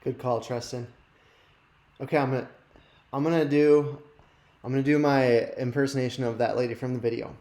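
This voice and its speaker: A man's voice: medium pitch, fairly even intonation, a little fast, long pauses, a little mellow. A man hosting a live youth ministry show, chatting casually and self-deprecatingly straight to viewers. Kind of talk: casual live-stream chat. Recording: roomy echo.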